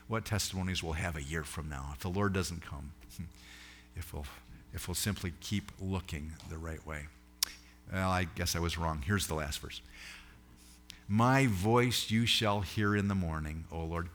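A man preaches a sermon with a somewhat low voice, earnest and personal. He swings between emphatic, rising peaks and quiet, intimate asides to his congregation. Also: moderate pace. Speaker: pastor.

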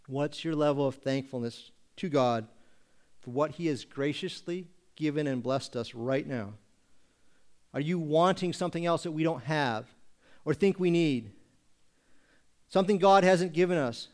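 A male pastor preaching a sermon in a church, asking rhetorical questions and slowing down to stress scripture. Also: a little high, a little mellow.

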